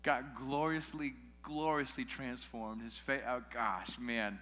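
A man's voice: medium pitch, fairly even intonation, takes it slowly, pushed and bright. A man preaching a sermon in a casual way, with joking asides to his listeners. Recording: long hall reverb.

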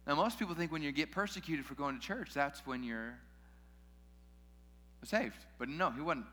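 A man preaches to his congregation in a relaxed, conversational sermon style and throws in joking asides to the crowd. His voice sits a bit high and has a bright, forceful edge. It rings out in a large church hall with a long reverb. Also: normal speed.

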